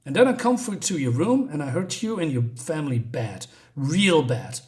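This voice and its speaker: A man's voice: a little high, very animated, normal speed, darkish tone. A man reading a rattled young woman biker. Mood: menacing.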